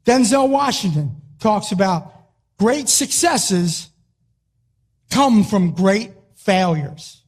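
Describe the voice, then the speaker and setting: A man delivers a rousing motivational talk, his voice pitched high for a man. He hammers short phrases again and again like a wrestling coach pushing his team. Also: lively intonation, takes it slowly. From Philadelphia, US. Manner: emphatic, punchy, repeats short phrases. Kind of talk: motivational speech.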